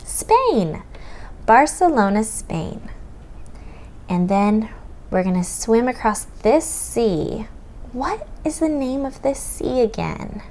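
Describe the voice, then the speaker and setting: An American woman tutoring children through a map lesson, in a slow sing-song manner that sometimes drops to a whisper. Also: a little high, sing-song, warm tone, slight background noise. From United States. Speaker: homeschool tutor teaching children.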